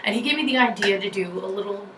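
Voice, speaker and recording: A chatty young woman with a New York accent talks to her viewers in a bubbly, rambling way. Her voice sounds a little distant from the mic in an echoey room. A steady background hiss runs under everything. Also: medium pitch, quick pace. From New Jersey. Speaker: YouTuber. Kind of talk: casual vlog chat.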